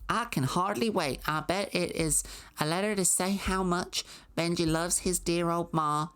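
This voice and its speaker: A woman's voice: fairly low pitch, unhurried, a bit bright, clean tone, pitched above the performer's own voice. A woman putting on the voice of a cheery, naive small-town mother who dotes on her son. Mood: doting, cheery. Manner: sugary, doting, oblivious.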